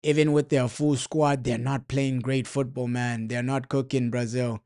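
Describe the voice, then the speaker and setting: A man's mid-range voice, darkish, clear and resonant, shows little pitch movement at a moderate pace. During his football watchalong stream he offers casual live commentary in heavy slang, ranting repeatedly and with frustration about his team's manager.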